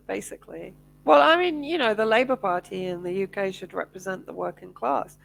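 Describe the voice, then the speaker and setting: A woman's voice: mid-range voice, vocal fry, a bit bright, poor audio. A woman guest talking emphatically and with exasperation, with a head cold. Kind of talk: casual chat.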